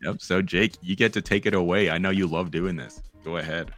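A man's voice: low-pitched, steady tone, brisk, fairly bright tone, soft background music. A man hosting a casual podcast chat, rambling with lots of fillers and restarts. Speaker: podcast host.

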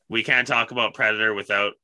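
A man with a sharp, very bright, forceful voice, chatting casually on a podcast. He sounds enthusiastic and swears freely, and the recording is dry and close, with no room sound. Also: mid-range voice, no echo. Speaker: podcast co-host. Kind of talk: casual chat.

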